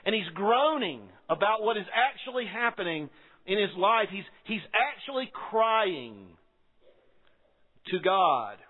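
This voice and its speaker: A man's voice: high voice, big pitch swings, a little slow. A man preaching a sermon, emphatic, repeating key lines and asking rhetorical questions. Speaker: pastor. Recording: phone-like sound with long hall reverb.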